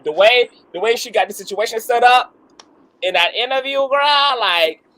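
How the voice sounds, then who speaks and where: A man's voice: extremely high pitch, normal speed, sharp tone, no echo. A man hosting a livestream, talking in a dramatic, exclaiming way with lots of slang. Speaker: livestream host. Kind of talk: animated gossip livestream.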